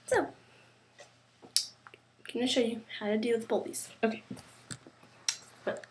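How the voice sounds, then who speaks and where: A teenage girl vlogging casually to camera, rambling and halting with many fillers and restarts. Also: fairly high pitch, steady tone, slight background noise.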